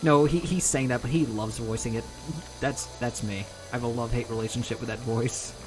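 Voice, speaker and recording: A man's voice: medium pitch, steady tone, brisk, rough recording. Male gaming streamer, mid-range voice, rambling self-mocking chat, faint music behind. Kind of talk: casual chat while gaming.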